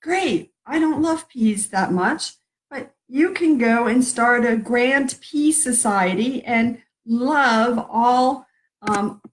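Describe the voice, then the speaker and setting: A middle-aged woman with a slightly high voice talks casually on a spiritual live stream. She rambles, restarts her sentences and laughs at herself as she goes. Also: poor audio.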